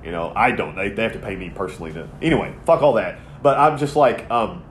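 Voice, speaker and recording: A man's voice: on the low side, quick pace, a little hiss or hum. A man in his thirties co-hosting a podcast, telling a long, rambling, profane story in casual chat. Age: 30s. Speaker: podcast co-host.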